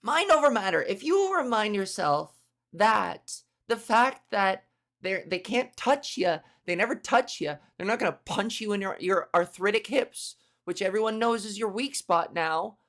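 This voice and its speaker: A woman podcast host doing a comedic monologue, crude and animated, acting out little scenes. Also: medium pitch, unhurried. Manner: animated, crude, acts out voices.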